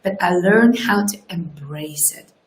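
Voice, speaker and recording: A woman's voice: fairly low pitch, measured pace. A woman with a subtle Russian accent giving a motivational coaching talk, often tagging "right?" and answering her own questions. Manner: keeps asking rhetorical "right?"; animated, asks questions and answers them herself. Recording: roomy echo.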